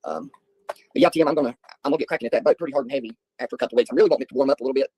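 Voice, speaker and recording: Man, middle-aged, streamer host; talks very fast, husky and raspy, casual yarn-spinning. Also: mid-range voice, warm tone, no echo, poor audio. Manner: rambling, folksy storytelling with filler ums. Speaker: livestream host. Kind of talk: casual chat answering viewers.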